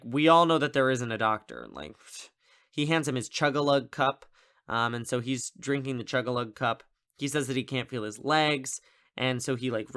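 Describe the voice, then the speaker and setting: A man's voice: mid-range voice, a bit bright, smooth. A man co-hosting a podcast, recapping a film in a casual, rambling way full of "like" and "um" fillers. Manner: rambling, heavy use of "like" and "um" fillers. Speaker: podcast co-host reviewing a film.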